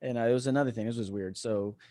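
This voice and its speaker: A man's voice: medium pitch, quick pace, dark tone, no echo. A man on a remote call, telling stories in a laid-back, casual way, swearing freely and chuckling as he goes. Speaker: podcast guest, retired veteran. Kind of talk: casual storytelling.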